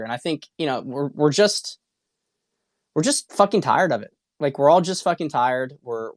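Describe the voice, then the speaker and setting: A man's voice: a little high, dry recording, clean studio sound. A man hosting a political talk stream, ranting in a rambling, repetitive and profane way with a lot of heat. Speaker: political commentary host. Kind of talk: casual livestream monologue.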